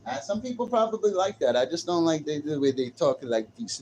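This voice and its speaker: A man's voice: a little high, big pitch swings, fairly quick, darkish tone, a little hiss or hum. A man livestreaming, chatting brashly and jokingly straight to his viewers with plenty of slang. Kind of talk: casual livestream chat.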